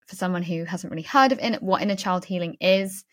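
A woman with a slightly low voice hosts a podcast interview. She speaks in a reflective, thoughtful way and shares personal insights with her guest. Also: quick pace, fairly bright tone. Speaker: podcast host.

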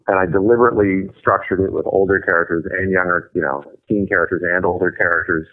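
Deep-voiced blunt man over a phone line. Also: steady tone, quick pace, hardly any pauses. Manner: blunt, profane, emphatic. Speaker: guest author. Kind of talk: casual interview chat.

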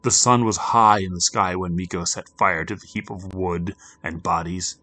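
A man narrating a grim story for a podcast, swinging between loud urgency and hushed, near-whispered passages. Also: low voice, steady tone, normal speed, hardly any pauses.

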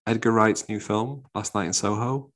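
A man's voice: lowish voice, steady tone, moderate pace, fairly bright tone. A man co-hosting a podcast, chatting casually over a call with wry, teasing asides. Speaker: podcast co-host.

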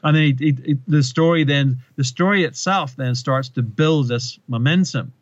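Male guest expert, lively storyteller, dull dry lo-fi sound. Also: medium pitch, normal speed, no room sound. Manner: animated storyteller, retells with rising emphasis. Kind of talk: explanatory interview talk.

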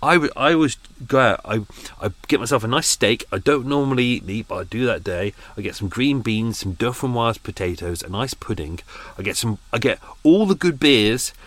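In a dry recording, a podcast host with a mid-range, slightly bright voice and lively intonation talks at a moderate pace. He rambles through an unscripted, casual monologue aboard a narrowboat in London, swearing and mocking himself.

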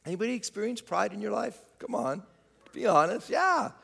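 A man's voice: high voice, sing-song, a little fast, vocal fry, a bit bright, slightly rough, big-room sound. A man preaching a sermon, speaking straight to his congregation and rising and falling for emphasis. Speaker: pastor.

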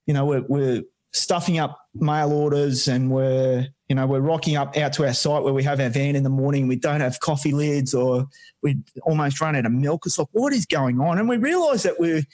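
A man in his forties with an Australian accent, telling stories in a relaxed, rambling way as a podcast guest. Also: a little high, normal speed. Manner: relaxed, rambling, many restarts and "you know"s. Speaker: guest, army veteran and coffee business owner. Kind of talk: casual storytelling chat.

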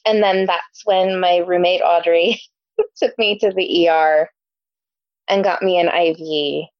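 A woman's voice: lowish voice, steady tone, unhurried, no echo, highs cut off. A young adult woman from Omaha, co-hosting a casual book podcast, chatty with many ums. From Omaha, Nebraska. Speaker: podcast co-host. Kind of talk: casual book discussion chat.

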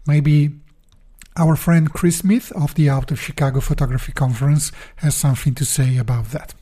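A man hosting a podcast, linking guest answers in a friendly, relaxed way with hesitant fillers. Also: fairly high pitch, moderate pace. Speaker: podcast host.

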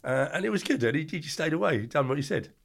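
A man's voice: a little high, expressive, quick pace, vocal fry. An older man, a podcast guest telling stories in a rambling, blunt way, often stopping to correct himself. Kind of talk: casual storytelling.

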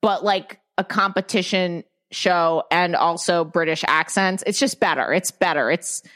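Woman w a lowish voice, chatty and blunt, cusses a lot, keeps restarting. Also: a little slow, a bit bright. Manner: candid, swears freely, many restarts. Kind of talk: casual chat.

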